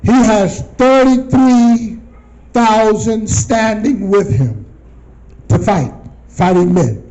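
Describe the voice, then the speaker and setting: A man teaching from scripture to a group, often pausing to ask them questions and repeating phrases for them to answer. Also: sits high, lively intonation, dark tone, highs cut off. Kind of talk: call-and-response Bible teaching.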